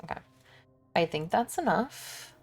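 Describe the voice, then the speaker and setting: A young woman streamer chatting casually to her viewers while she shops online, thinking out loud and laughing often. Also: lowish voice, animated, a little slow, slightly rough, faint music behind.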